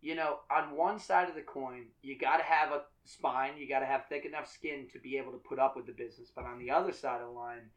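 A man's voice: mid-range voice, fairly even intonation, quick pace, few pauses, muffled recording. A man hosting a casual drinking podcast, rambling, repeating his words and laughing often. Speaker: podcast host. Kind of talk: casual chat.

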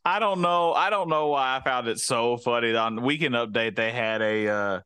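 A man's voice: medium pitch, normal speed, pushed and bright, clear, resonant tone, no echo. A man in his thirties co-hosting a casual podcast, telling rambling stories and laughing often. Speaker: podcast co-host. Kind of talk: casual chat.

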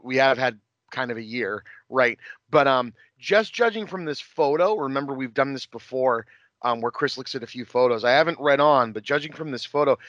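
Animated, joking man, dry close sound. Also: medium pitch, no room sound, muffled recording. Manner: animated, joking, swears freely. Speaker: guest. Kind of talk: casual podcast chat.

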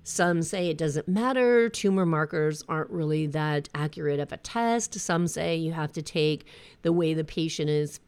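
A woman's voice: deep voice, moderate pace, a little mellow, clear, resonant tone. A middle-aged woman hosting a podcast, speaking frankly and reflectively in a conversational way. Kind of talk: candid personal talk.

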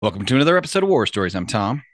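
A man's voice: lowish voice, sing-song, rapid-fire. A man co-hosting a casual podcast, chiming in with short, wry quips. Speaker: podcast co-host. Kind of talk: casual chat.

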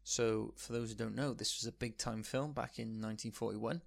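A man's voice: lowish voice, fairly even intonation, normal speed, vocal fry. A man co-hosting a podcast, explaining things casually and recalling facts aloud as he goes. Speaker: podcast co-host. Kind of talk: casual film discussion.

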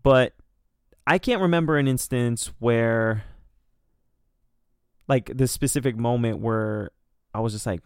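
A man's voice: mid-range voice, normal speed, clear, resonant tone, no echo, clean studio sound. A young man casually telling a rambling, profane, self-deprecating story as a podcast co-host.

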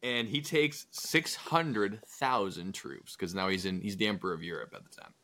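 A man hosting a casual podcast, retelling history with crude jokes and quick acted-out asides. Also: low-pitched, expressive, bright, forceful tone. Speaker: podcast host. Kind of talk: casual comedic history chat.

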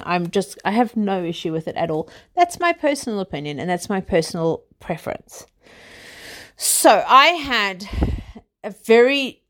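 A South African woman in her thirties, chatting casually to her viewers in a rambling way, full of "you know" and "like". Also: mid-range voice. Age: 30s. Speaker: vlogger. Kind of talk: casual chat to camera.

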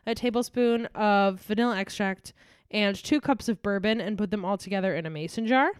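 A woman's voice: mid-range voice, brisk, clear, resonant tone, dry recording, clean studio sound. A young woman hosting a podcast, chatting casually with her boyfriend, laughing often and talking through a cocktail recipe. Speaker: podcast host. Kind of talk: casual chat.

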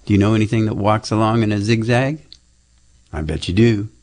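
A man's voice: on the low side, fairly quick, a little mellow. A man hosting a children's radio show, talking playfully and chuckling as he rambles. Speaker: radio host. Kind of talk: casual children's radio chat.

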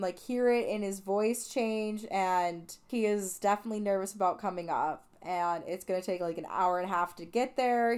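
A young woman talks through a film on her podcast in a loose, chatty monologue, leaning on "like" and "you know" as she goes. Her voice is smooth and clear, at an ordinary pitch for a woman. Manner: chatty, many "like" fillers. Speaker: podcast host. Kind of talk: casual film review monologue.

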